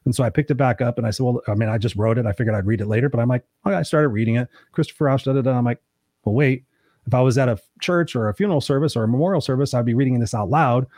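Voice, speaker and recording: A brash, fast-talking middle-aged man hosting a podcast, telling stories with lively acted-out quotes and plenty of swearing. His voice sits at an ordinary pitch, and the sound is close and dry, with no room around it. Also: no room sound. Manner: brash storyteller who acts out quotes and swears freely. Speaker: podcast host. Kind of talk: casual interview chat.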